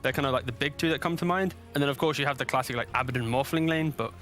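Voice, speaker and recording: A man's voice: mid-range voice, rapid-fire, fairly bright tone, soft background music. A man with a British accent casting a live esports match, joking with co-casters and then laying out fluent draft analysis.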